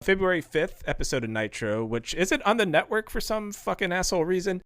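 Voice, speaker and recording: A man's voice: sits high, a little fast, a bit bright, smooth, no room sound. A man co-hosting a podcast, casually walking through dates and match results and laughing often. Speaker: podcast co-host. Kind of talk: casual podcast chat recounting history.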